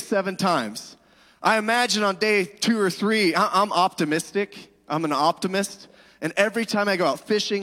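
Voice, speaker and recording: A man's voice: high-pitched, fairly bright tone, long reverb tail. A middle-aged male pastor preaching a sermon in a conversational way, with asides to the congregation.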